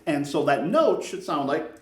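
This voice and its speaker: A man's voice: on the high side, very animated, moderate pace. A man teaching beginners a brass lesson step by step, counting beats aloud and encouraging them. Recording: echoey room, mic at a distance.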